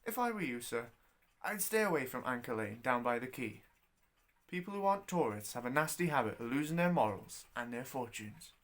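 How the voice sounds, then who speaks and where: A plain-spoken young Scottish railway porter, as a storyteller voices him, obliging and direct. His voice moves lively up and down as he points the way and passes on a friendly warning. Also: medium pitch, a little fast, close to an everyday voice. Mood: helpful.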